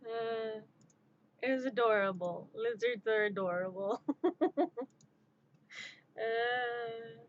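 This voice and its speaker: A woman's voice: fairly high pitch, drawn-out words, pauses often, muffled recording, slight background noise. A woman streamer chatting casually on a live stream, giggling and rambling, easily amused.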